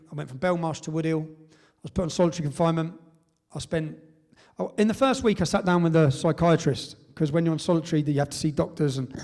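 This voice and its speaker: An English man speaking to a live audience in a fairly high register, telling his story with force. He presses each point and often checks in with a quick "yeah?" as he goes. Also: darkish tone. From England. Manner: emphatic, tags points with "yeah?". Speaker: speaker at a public event.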